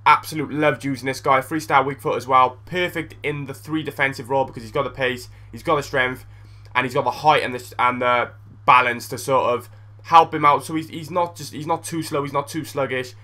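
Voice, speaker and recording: Excitable young gamer, bright voice. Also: male voice, mid-range voice, brisk. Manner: blunt, excitable, swears freely. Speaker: gaming YouTuber. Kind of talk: casual gameplay commentary.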